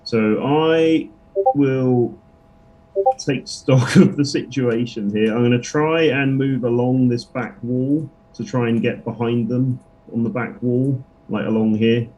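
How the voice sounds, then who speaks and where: A man playing a tabletop game, talking through his character's moves in a halting, casual way. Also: medium pitch, fairly even intonation, warm tone. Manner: halting, many fillers and restarts. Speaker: player.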